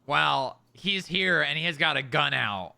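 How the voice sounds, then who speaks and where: A man's voice: on the high side, animated, a little slow, gravelly, sharp tone, slight background noise. A man running a role-play job interview, narrating a hypothetical scenario with hesitant filler sounds.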